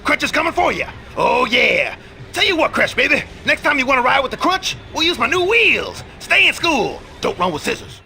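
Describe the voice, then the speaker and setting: Crunch, a booming brawny racer. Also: male voice, sing-song, moderate pace, creaky, bright, forceful tone, a little hiss or hum, heavily acted. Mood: boisterous. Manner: boisterous, barking in third person. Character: loud brawny big-brother racer man.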